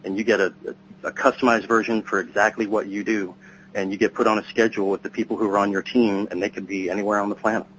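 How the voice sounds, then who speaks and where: A man's voice: fairly low pitch, flat delivery, fast, a bit bright. A man co-hosting a podcast, chatting casually and telling long rambling stories. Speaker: podcast co-host. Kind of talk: casual chat. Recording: dull lo-fi sound with faint hum.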